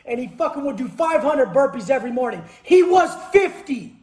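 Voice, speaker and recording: A man with a notably high voice delivers a fierce motivational monologue in an echoey room. He swears constantly and keeps breaking into shouts, pushing every line hard. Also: very animated, normal speed. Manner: intense, forceful, swears constantly, bursts into shouts. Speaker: motivational speaker.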